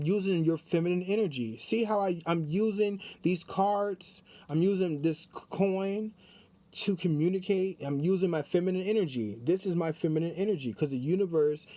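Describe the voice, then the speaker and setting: High-voiced man giving a chatty tarot reading. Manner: chatty, repeats himself, talks straight to viewers. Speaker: tarot reader. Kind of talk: casual spiritual card reading.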